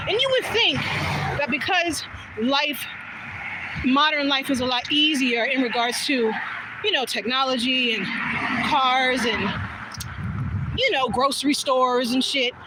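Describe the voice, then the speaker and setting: A woman's voice: sits high, measured pace, long pauses. A woman telling a casual story while out on a walk, chatty and swearing freely as she acts out what people said, into a phone she holds as she walks. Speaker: vlogger. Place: outdoors on a walking trail. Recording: outdoor noise behind voice.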